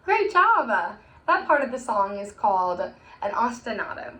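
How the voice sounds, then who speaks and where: A young adult woman teaches a recorded music lesson for children, chanting rhymes in an encouraging sing-song. Her voice is fairly high, sharp-toned and very animated, at a measured pace, in an echoey room with faint hiss.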